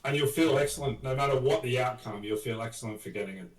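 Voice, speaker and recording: A man's voice: mid-range voice, fast talker, echoey room, distant mic, rough recording. A man chatting and joking casually on a livestream. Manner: joking, banter-filled. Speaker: streamer.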